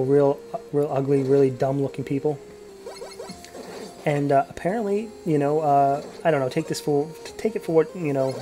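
A man's voice: on the high side, warm tone. Rambling, cursing young man commentating a game. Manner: rambling, profane, full of fillers and restarts. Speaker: let's play commentator. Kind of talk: casual gameplay commentary.

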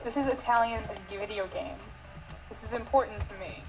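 A woman chatting excitedly while playing a video game with friends, rambling and giggling. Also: on the high side, brisk. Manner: giddy, rambling, easily excited. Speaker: let's play player. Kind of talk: casual gaming chat. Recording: dull lo-fi mic with faint hiss.

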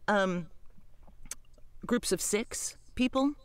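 A man's voice: high-pitched, very slow, clear, resonant tone, no room sound. A man co-hosting a podcast, talking casually about narrating audiobooks in a blunt, wry, profane way. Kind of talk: casual chat.

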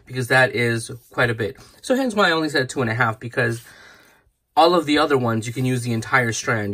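A man's voice: medium pitch, a bit bright. A man hosting a casual craft tutorial, chatty and rambling, correcting himself as he demonstrates. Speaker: craft channel host.

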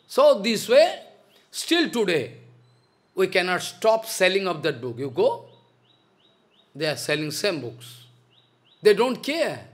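Male preacher, high voice, lively swinging pitch, emphatic repeats. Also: slow pace, pauses often. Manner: emphatic, repeats phrases, broken English. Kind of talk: sermon.

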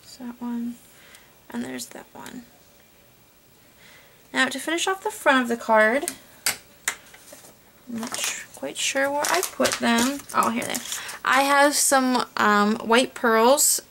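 A woman narrating her card-making tutorial in a relaxed, chatty way, thinking aloud as she works. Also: high voice, unhurried, gravelly, slight background noise. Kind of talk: casual crafting tutorial voice-over.

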